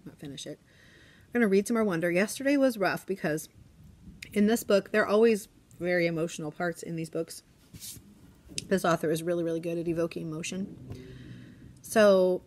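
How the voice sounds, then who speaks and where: A woman in her forties, a teacher, chatting casually in a classroom vlog and often dropping to a hushed whisper. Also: lowish voice.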